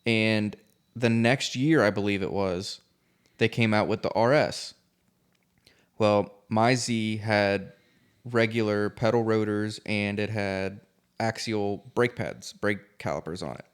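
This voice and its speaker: A man with a low, smooth and resonant voice chats on a podcast. He sounds relaxed and talks through his own experiences. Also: slow pace. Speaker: podcast co-host. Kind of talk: casual podcast chat.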